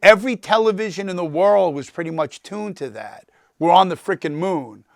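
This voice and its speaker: A man in his sixties with a gravelly New York accent holds forth in an animated, storytelling lecture and keeps throwing questions out to the class. His voice sits a bit high for a man and sounds close and dry, with no room around it. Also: moderate pace, dry recording. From New York, the Bronx. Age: 60s. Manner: talkative, animated, quizzes the audience. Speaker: guest lecturer, entertainment attorney.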